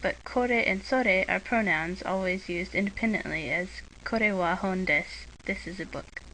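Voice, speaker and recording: A woman reading a scripted language lesson, slipping dry sarcastic asides into the drills in a deadpan manner. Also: medium pitch, moderate pace, a little hiss or hum, poor audio.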